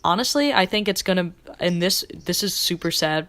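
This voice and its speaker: A woman's voice: on the low side, animated, normal speed, a bit bright, no room sound. A young woman hosting a pop-culture podcast, chatting casually and rambling with fillers. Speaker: podcast host.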